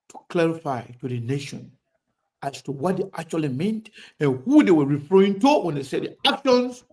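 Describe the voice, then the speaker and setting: A man hosting a heated political debate, pushing his guest with repeated questions and cutting in. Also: on the high side. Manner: presses with repeated questions, cuts in.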